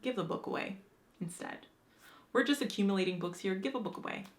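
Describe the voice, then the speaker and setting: A young woman chats through a book tag on her vlog, lively and informal. She talks with plenty of slang and drops the occasional swear word. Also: medium pitch, a little fast. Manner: chatty and animated, with slang and swearing. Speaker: book vlogger. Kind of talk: casual chat answering a book tag.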